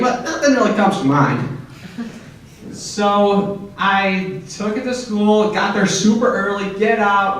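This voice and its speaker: A young man doing a stand-up set in a comedy club, telling stories in a deadpan way and jumping high for quoted outbursts. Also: slight background noise. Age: young adult. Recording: echoey club from far off.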